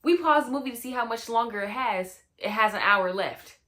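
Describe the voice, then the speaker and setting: A woman's voice: a little high, expressive, brisk, fairly bright tone. A young woman telling a personal story in a casual, slangy storytime chat, full of "you know what I'm saying.". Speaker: storytime host.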